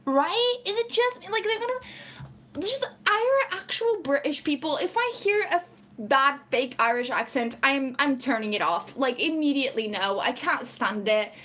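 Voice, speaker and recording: A woman's voice: high-pitched, expressive, normal speed, pushed and bright. A woman streaming casually, reading chat aloud and ranting about her picks. She rambles with lots of fillers and laughs often. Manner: exasperated ranting.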